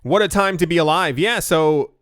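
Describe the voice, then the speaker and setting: A man's voice: a little high, normal speed, fairly bright tone, no echo, studio quality. A man hosting a casual crypto news video, rambling into asides and self-deprecating jokes.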